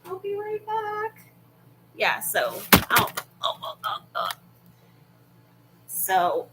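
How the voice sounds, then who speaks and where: Answering viewer questions as a channel host, this thirty-something woman chats from home over her laptop, chatty and meandering, laughing often and leaning on fillers. Her voice sits mid-range and comes out pushed and bright. There's a little hiss or hum on what is a low-quality recording.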